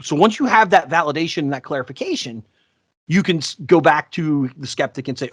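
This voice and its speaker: A man co-hosting a podcast, telling sales stories in a casual, animated way and acting out the people he quotes. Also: a little high, brisk, dry recording, clean studio sound. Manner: animated, acts out quoted voices. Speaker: podcast co-host. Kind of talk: casual storytelling chat.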